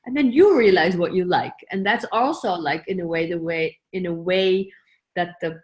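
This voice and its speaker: A woman's voice: fairly low pitch, normal speed. A woman choreographer, a guest in a conversational interview, talking in loose running phrases, laughing often and acting out her own quoted asides.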